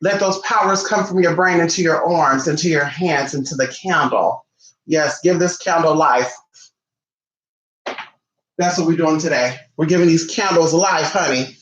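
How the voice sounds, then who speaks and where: A man's voice: on the high side, normal speed, fairly bright tone, highs cut off, slight background noise. A man hosting a live-stream ritual tutorial, flamboyant and sassy, calling everyone honey and chatting back to his viewers. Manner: chatty, answers viewer comments. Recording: echoey room.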